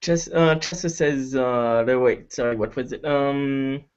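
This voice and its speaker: A man taking part in a tabletop role-playing game over a video call, hesitant and full of pauses and fillers. He talks very slowly in a mid-pitched voice, and the sound is dull and lo-fi. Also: clear, resonant tone. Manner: slow, hesitant, many fillers. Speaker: player.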